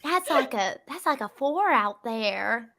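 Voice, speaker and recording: Bright woman player rambling casually. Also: on the high side, animated, unhurried, creaky. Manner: rambling, full of "like". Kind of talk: casual tabletop game chat.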